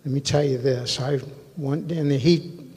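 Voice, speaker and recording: A man's voice: medium pitch, fairly even intonation, measured pace, darkish tone, husky, long reverb tail. A man giving an earnest, emotional personal testimony to a congregation in a church. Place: church sanctuary.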